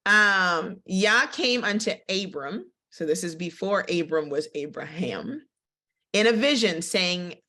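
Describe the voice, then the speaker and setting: A woman teaching a casual Bible study who reads scripture aloud and then breaks off into animated, conversational commentary. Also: slow. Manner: expressive, with big swings in pitch and tempo.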